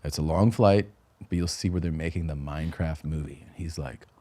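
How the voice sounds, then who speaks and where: A man guest telling a casual, animated story, acting out quoted dialogue and laughing often. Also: extremely low pitch, a little fast. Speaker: guest comedian.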